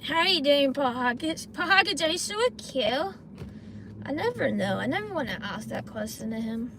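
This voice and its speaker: A woman's voice: sits high, big pitch swings, moderate pace, noisy background. A young woman streaming from her parked car, chatting to viewers and ranting with plenty of swearing. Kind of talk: casual live-stream chat.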